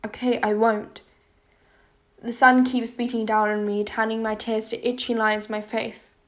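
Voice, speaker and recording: A woman's voice: fairly high pitch, level tone, moderate pace, a bit bright. A woman giving first-person audiobook narration in an intimate, emotionally charged manner.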